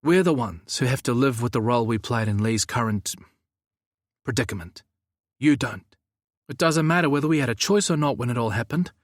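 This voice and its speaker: A man voicing a calm, resolute young man who speaks in an earnest, measured way. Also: mid-range voice, no room sound, studio quality, natural voice.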